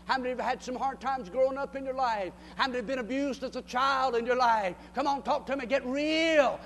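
A man preaching a fiery sermon, shouting and calling out to the congregation, then telling folksy jokes. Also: extremely high pitch, a little fast, slight background noise. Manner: shouting, call-and-response, rising to cries. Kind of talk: Pentecostal-style sermon. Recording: long reverb of a church hall.

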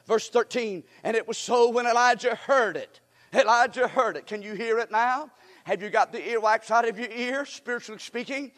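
A man's voice: very high-pitched, normal speed, a bit bright. A man preaching a sermon who reads scripture and asks rhetorical questions, repeating them and calling on the congregation to respond. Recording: long reverb in a large hall.

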